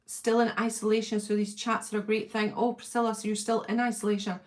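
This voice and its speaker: Welsh woman host, middle-aged, chatty fan-chat livestream, warm gushing delivery with frequent laughs. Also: on the high side, little pitch movement, quick pace. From Wales. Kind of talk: casual chat reading viewer comments.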